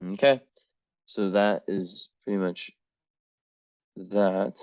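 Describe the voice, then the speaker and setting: A man's voice: low voice, takes it slowly, a little mellow, smooth, no echo, dull audio. A man reading astrology charts in a casual, rambling way, full of fillers and the odd swear word.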